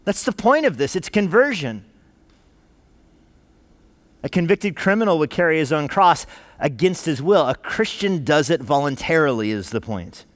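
A man's voice: a little high, sing-song, normal speed, long pauses, no echo. Emphatic male preacher, dry close sound. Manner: earnest, emphatic, punchy repeated short phrases. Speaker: pastor. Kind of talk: sermon. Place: church sanctuary.

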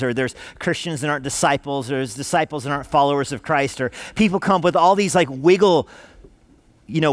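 In a church sanctuary, a pastor delivers a sermon in a fairly high male voice, earnest and emphatic, hammering home short repeated phrases. The sound is dry and close, with no echo.

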